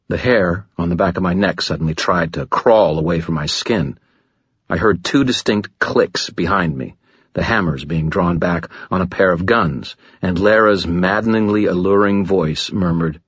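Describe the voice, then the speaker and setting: A man narrating a first-person audiobook, gritty and dramatic, low and steady, close to the mic, in a dull, muffled recording. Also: normal speed, breathy edge, no echo.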